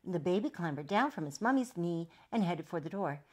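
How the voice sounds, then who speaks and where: Expressive woman reading a storybook aloud. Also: on the low side, a little fast. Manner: expressive, sing-song. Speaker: children's storyteller. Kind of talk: reading a picture book aloud.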